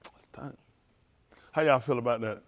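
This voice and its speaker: A man's voice: mid-range voice, moderate pace. A man preaching, joking loosely and teasing his congregation, laughing often. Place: synagogue hall, livestream.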